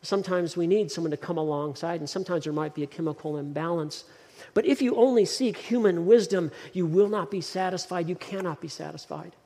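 A man's voice: fairly high pitch, fairly quick, warm tone. Preaching man in an echoing hall. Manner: emphatic preaching with repeated words. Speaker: pastor. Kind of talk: sermon. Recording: long hall reverb.

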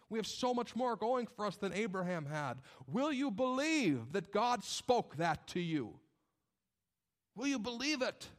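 A man preaching from the pulpit with a high, bright-sounding voice. He moves between quiet, intimate lines and lifted, emphatic questions, slipping into mocking voices of skeptics. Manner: dynamic preaching, acts out doubters' voices. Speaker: pastor. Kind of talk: sermon.

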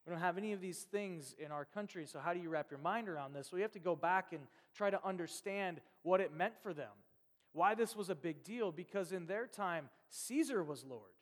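A man from Nebraska preaching a sermon in a conversational, animated way, acting out quoted voices. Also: high voice, fairly quick. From Nebraska, USA. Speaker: pastor. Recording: long hall reverb.

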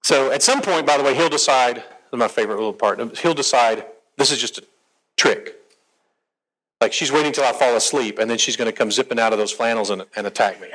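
A middle-aged man, a therapist and conference speaker, giving a conversational, animated talk on marriage to a live audience and asking them questions. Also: medium pitch, fast, few pauses, low-quality recording.

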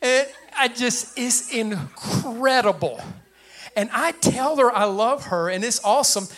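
An older man preaching with a high voice that sits well above most men's. His tone is bright and forceful, and he talks in a lively, plain way to his congregation. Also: measured pace. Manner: animated preacher with a light, high voice and plain speech. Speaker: pastor. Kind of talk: sermon.

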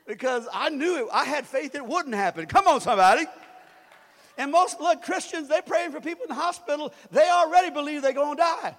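A man's voice: very high-pitched, fairly bright tone. A male pastor preaching a conversational sermon with joking asides in a church. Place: church sanctuary. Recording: long reverb of a large hall.

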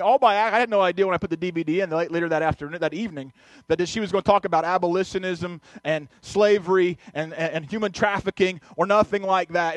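A man's voice: sits high, no echo. A male pastor telling a personal story in a sermon, earnest, often restarting and repeating his words. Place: church sanctuary.

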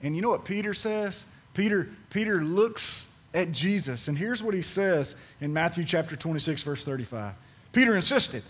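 Male pastor, high voice, emphatic sermon delivery, repeats lines for impact. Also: expressive, normal speed. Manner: emphatic, repeats key phrases; swings between soft and loud delivery.

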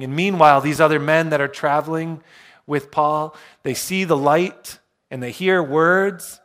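A male pastor preaching a sermon, retelling scripture in a relaxed, storytelling way with self-deprecating humor. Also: on the high side, moderate pace.

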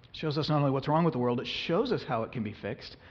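Earnest pastor preaching in an echoing hall. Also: male voice, mid-range voice, quick pace. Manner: earnest, emphatic preaching with sudden loud rises. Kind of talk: sermon. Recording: muffled, reverberant hall recording.

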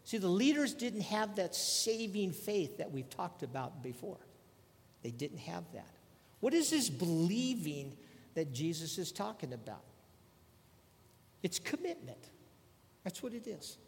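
An older man preaches to a gathered group, talking easily and throwing out rhetorical questions. His voice sits a little high for a man. A long reverb trails after his words in the hall. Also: sing-song, a little slow, gravelly. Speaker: pastor. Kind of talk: sermon.

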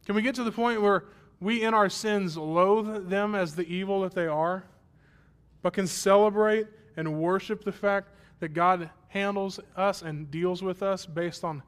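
A pastor in his thirties, speaking in a smooth, high-pitched voice at normal speed, delivers a sermon built around a personal story. He starts out self-deprecating and conversational before building to emphatic praise.

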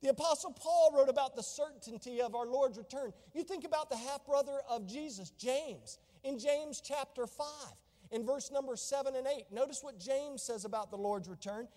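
His very high voice is warm, moving at normal speed with few pauses, and a long reverb tail trails it through the church. The male pastor preaches to his congregation, reading scripture in archaic language and questioning those seated in the pews.

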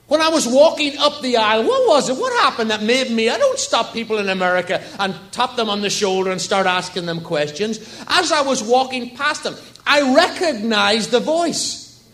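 A man's voice: very high voice, a bit bright. A man preaching a sermon in a church service, telling stories and asking the congregation rhetorical questions. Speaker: pastor.

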